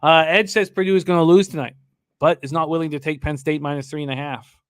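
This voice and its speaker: A man's voice: a little high, steady tone, fast talker, smooth, no room sound. A man hosting a live sports betting show, talking casually with restarts and reading viewer comments aloud.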